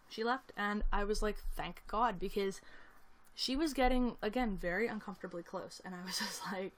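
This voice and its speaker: A woman's voice: medium pitch, a bit bright. Chatty young woman livestreaming. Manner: chatty storytelling with frequent laughs and fillers; snacking and reading chat aloud. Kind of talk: casual livestream chat. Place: indoors at her computer. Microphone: camera on a selfie stick.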